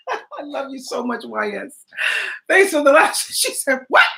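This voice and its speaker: A woman's voice: sits high, sing-song, unhurried, vocal fry, a bit bright. A woman hosting a live stream, reacting to a video and reading viewer comments, chatty and laughing often. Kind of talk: casual live-stream chat.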